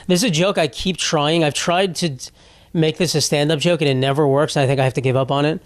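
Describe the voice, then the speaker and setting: A man's voice: a little high, fairly even intonation, fast, no room sound. A young man hosting a casual solo podcast, rambling and profane, laughing as he reads posts aloud. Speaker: podcast host.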